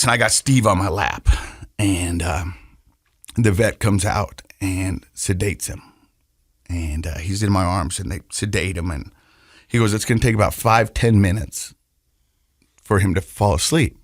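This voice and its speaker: A middle-aged man co-hosting a podcast, telling a personal story in an earnest, halting way and often repeating his words. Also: low voice, dry recording, studio quality. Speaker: podcast co-host.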